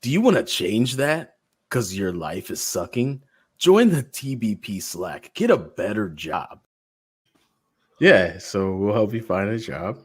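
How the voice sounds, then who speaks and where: A man co-hosting a podcast, reading promos in a loose, joking way and jumping between loud and soft. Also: on the low side, slow pace, breathy edge. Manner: animated, jokey, swings loud and soft. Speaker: podcast co-host. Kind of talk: casual chat with show promos.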